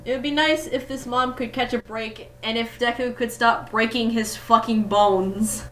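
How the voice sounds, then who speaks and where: Bright, sharp woman chatting, swears a lot, bit of background hiss. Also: fairly high pitch, fairly even intonation, moderate pace. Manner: enthusiastic, swears freely. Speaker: co-host. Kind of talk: casual chat.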